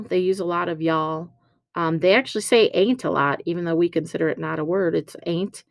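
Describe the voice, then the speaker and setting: A woman teacher walks through a recorded slide lesson. She is chatty and explains with fillers and quick self-corrections. Her voice sits low and sounds dry, close to a computer mic. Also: fairly even intonation, creaky, no echo.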